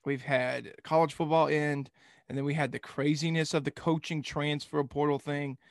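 A man's voice: on the high side, flat delivery, normal speed, vocal fry, no room sound, studio quality. A young man co-hosting a casual sports talk show, joking and slipping into silly impressions.

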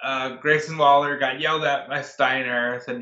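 A man co-hosting a casual wrestling chat, jokey and full of quick quips. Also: mid-range voice, flat delivery, bright, forceful tone, roomy sound, lo-fi sound. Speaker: podcast co-host.

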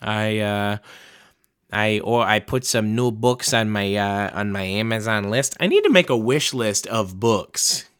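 A man's voice: lowish voice, unhurried, a bit bright, smooth. A young man hosting a book-reading show, chatting in a loose, rambling, profane and self-mocking way. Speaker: podcast host reading books aloud. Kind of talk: casual rambling chat.

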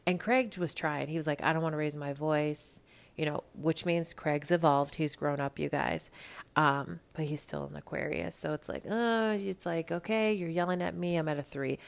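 Podcast host, woman, low and gravelly, blunt gossipy recap with plenty of swearing. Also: moderate pace. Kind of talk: casual reality TV recap monologue.

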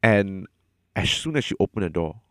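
A man with a fairly low voice talks openly and earnestly in a casual conversation. He stumbles and repeats words as he works through what he wants to say. The sound is dry, with almost no room echo. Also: sing-song, a bit bright. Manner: earnest, halting, repeats words when upset. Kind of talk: casual candid chat.

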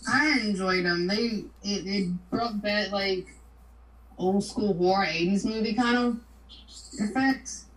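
A woman's voice: medium pitch, takes it slowly. A woman co-hosting a podcast, talking about a horror film bluntly and casually, with some swearing. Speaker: podcast co-host. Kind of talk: casual chat. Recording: echoey room.

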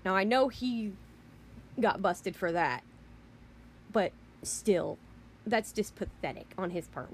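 A woman's voice: medium pitch, lively intonation, slow, pauses often, a little hiss or hum. A woman telling a story on her vlog as an angry, rambling rant, often saying "you know" and "I mean" and cursing in exasperation. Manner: swears in exasperation. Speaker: vlogger.

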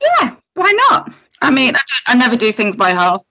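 A woman with a slightly high voice tells her story in easy podcast chat, jumping into the voices of the people she quotes and breaking into laughter. The sound is a bit dull and lo-fi. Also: moderate pace, gravelly. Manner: animated, acts out quotes, laughs often. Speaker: podcast guest. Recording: lo-fi podcast audio.

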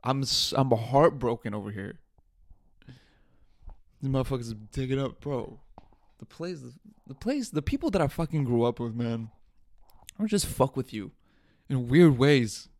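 Man, podcast host, casual swearing storyteller, mid-pitched, dead-dry mic. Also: measured pace, pauses often, no echo. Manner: profane, animated storytelling with laughs.

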